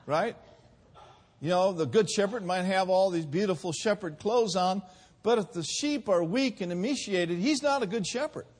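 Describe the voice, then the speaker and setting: A man preaching a sermon in a church, with call-and-response and drawn-out emphasis. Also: sits high, lively intonation.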